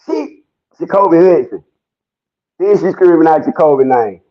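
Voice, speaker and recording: A man rants in a high, swooping voice, mocking and loud, with frequent swearing and laughter. The recording sounds dull and lo-fi. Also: expressive, moderate pace. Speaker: commentator. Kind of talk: animated ranting commentary.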